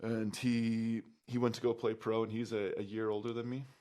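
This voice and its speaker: Laid-back young man, lowish voice. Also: flat delivery, normal speed, mellow. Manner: hesitant, loose, many fillers and restarts. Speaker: guest, pro volleyball player. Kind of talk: casual podcast chat.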